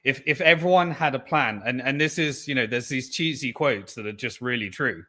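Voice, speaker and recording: A man answers an interviewer earnestly, filling his pauses with "um". His voice is bright and sharp. His pitch sits in the middle range. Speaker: interview guest. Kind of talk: candid interview talk.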